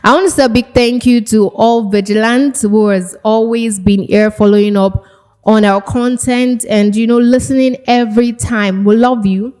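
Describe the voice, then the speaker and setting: A woman's voice: on the high side, steady tone, moderate pace, darkish tone. A young Nigerian woman hosting a casual podcast chat, bubbly and teasing, often breaking into laughter. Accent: Nigerian English. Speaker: podcast host.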